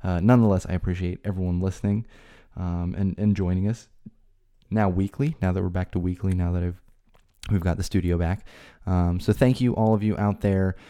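Exasperated male podcast host, mellow voice. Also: steady tone, a little fast, smooth. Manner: exasperated ranting, voice climbing high when worked up. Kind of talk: solo podcast rant. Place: home studio.

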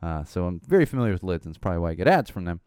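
A middle-aged man with a lowish voice talks in a loose, rambling way, full of "uh"s, and a slight hoarseness sits under his words. His pitch swings widely as he gets animated. The sound is dry and close, with no room around it. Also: rapid-fire, no room sound. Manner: rambling, animated, frequent "uh" fillers. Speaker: podcast host. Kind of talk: casual solo chat.

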